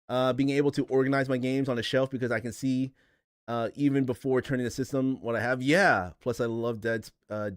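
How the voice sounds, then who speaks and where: A man's voice: mid-range voice, no echo, clean studio sound. A man hosting a casual live stream, rambling emotionally, swearing and reading chat aloud from his chair. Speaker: streamer host. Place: home stream setup in a chair.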